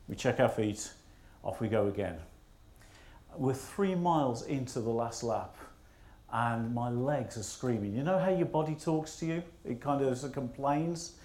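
A man's voice: medium pitch, lively intonation, normal speed, darkish tone, reverberant. A man, a minister telling a funny personal story in a sermon, poking fun at himself. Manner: humorous, self-mocking storyteller.

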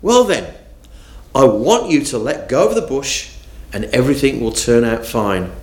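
A man voicing a calm, powerful heavenly voice in a told story. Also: mid-range voice, unhurried, echoey room, pitched below the performer's own voice. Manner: calm, steady.

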